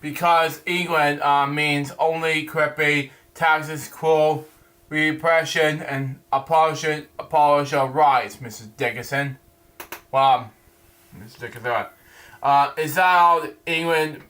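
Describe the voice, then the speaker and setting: Slow, halting man reading a comic aloud. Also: a little high, fairly even intonation, a bit bright. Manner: halting, stumbling over words and restarting. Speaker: comic book reviewer.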